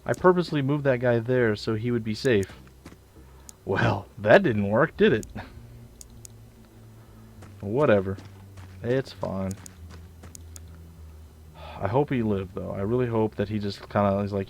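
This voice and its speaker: A young man casually commenting on his own gameplay, chatty and self-mocking, with sudden loud outbursts. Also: fairly low pitch, measured pace, vocal fry, long pauses, a little hiss or hum. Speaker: let's play gamer.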